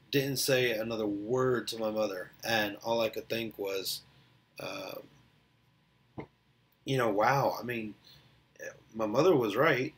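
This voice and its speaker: A man's voice: mid-range voice, fairly bright tone. A middle-aged man, chatting casually on his own and telling a story, rambling with many fillers and restarts. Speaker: vlogger. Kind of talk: casual solo chat.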